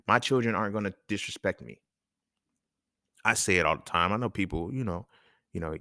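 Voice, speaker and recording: A man hosting a solo talk episode, ranting in an animated, casual way full of slang and profanity. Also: on the low side, fairly quick, dry recording, studio quality. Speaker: podcast host. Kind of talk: solo monologue rant.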